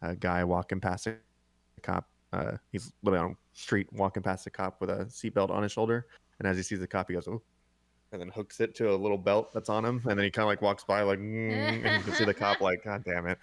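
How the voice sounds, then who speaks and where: A man's voice: on the low side, little pitch movement, fast talker, creaky, fairly bright tone, dry recording. A man co-hosting a podcast, rambling casually and hesitantly as he describes videos. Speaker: podcast co-host. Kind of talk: casual chat.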